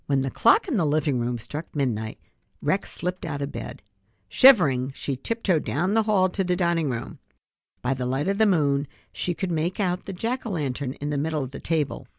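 Low-voiced woman reading a children's book. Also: expressive, normal speed, creaky, no room sound. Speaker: storybook reader.

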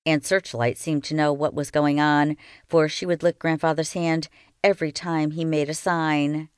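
Low-voiced woman reading a storybook. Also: normal speed, clean tone, dry recording, clean studio sound. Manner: steady, expressive storytelling. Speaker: reader. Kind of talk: reading a children's novel aloud.

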